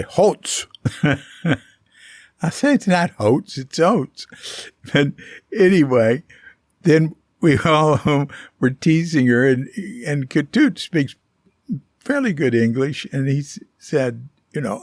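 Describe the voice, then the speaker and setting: Man, vlogger, casual storytelling, unhurried, rambling with fillers, mid pitch, dry close sound. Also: animated, no room sound. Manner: rambling and halting, many fillers and restarts. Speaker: vlogger living abroad.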